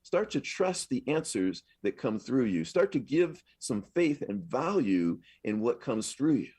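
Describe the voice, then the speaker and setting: A man's voice: medium pitch, sing-song, measured pace, dark tone, breathy edge, dry recording. A man, a minister, preaching a sermon at a live service in a conversational, affirming way, repeating his points. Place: live service at a spiritual center.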